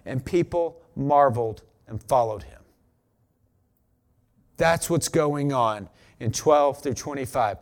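A man preaching a sermon. He talks in a relaxed, chatty way and rises into emphatic reading of scripture. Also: mid-range voice, slow, long pauses. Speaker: pastor.

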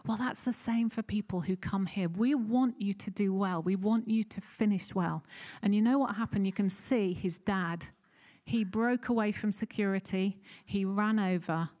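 A woman's voice: mid-range voice, moderate pace, darkish tone. A woman preaching a sermon in an earnest, conversational way, acting out the pleas she quotes.

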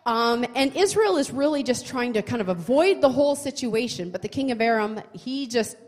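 A woman retelling a Bible story in a chatty, expressive way, often asking the listener questions. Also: on the high side, normal speed. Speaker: Bible teacher. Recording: long hall reverb.

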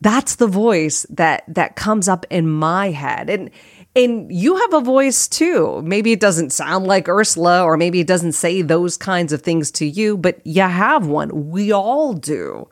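A woman's voice: lowish voice, sing-song, takes it slowly, no echo, studio quality. A woman hosting her own podcast as a life coach, talking earnestly and casually, often repeating phrases for emphasis. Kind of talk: casual solo podcast talk.

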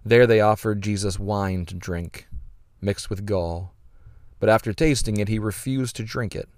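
A man with a fairly low voice hosts a reflective podcast, reading scripture aloud and then teaching from it. His delivery is earnest and measured, with dramatic emphasis on key phrases. The sound is dry and close to the mic. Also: darkish tone, no echo. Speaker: podcast host.

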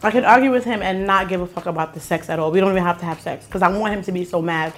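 A woman's voice: fairly low pitch, racing, faint music behind. A young woman co-hosting a casual chat on camera, telling stories bluntly and with animation. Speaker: podcast co-host. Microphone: on camera, eating while talking.

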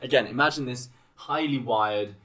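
A man's voice: medium pitch, moderate pace, fairly bright tone. A young man co-hosting a podcast in casual chat, amused and teasing as he laughs between lines. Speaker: podcast co-host.

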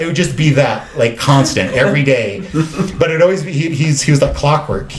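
A man who used to work in homeless services, telling stories in a casual, earnest and halting way. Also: mid-range voice, lively intonation, a crowd in the background. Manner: earnest, halting, often restarts. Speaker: former homeless services worker. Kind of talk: casual storytelling.

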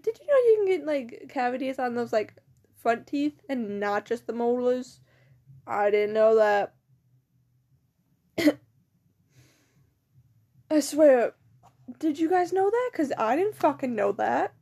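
A teenage girl talks straight to her audience in a high voice, rambling from one tangent to the next. She swears freely and giggles through her stories, speaking with a mouth still numb from dental work. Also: animated, slow, pauses often, mellow. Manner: rambling, profane, giggly storytelling. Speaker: vlogger. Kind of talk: casual chat.

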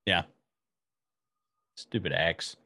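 A man's voice: very slow, bright, forceful tone. A man co-hosting a casual podcast chat, nitpicking small details of the show he is discussing. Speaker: podcast co-host.

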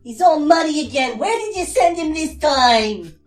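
A man putting on the voice of a shrill female secretary in a comedic role-play game. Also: lively intonation, loud music behind the voice. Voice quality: very high, drawn-out falsetto. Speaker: player voicing a secretary.

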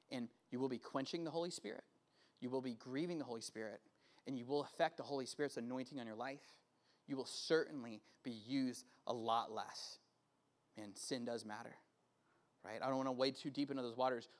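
A male pastor preaching in a casual way that keeps checking in with "right?", then leading the room in prayer. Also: mid-range voice. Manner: grows loud and fervent in prayer. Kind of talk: sermon, then guided prayer.

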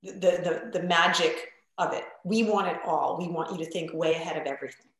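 A woman podcast guest and coach chatting casually, telling stories bluntly and acting out quoted lines with lively voices. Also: on the low side, brisk, heavy reverb, poor audio. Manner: animated storyteller, acts out quotes, blunt, swears.

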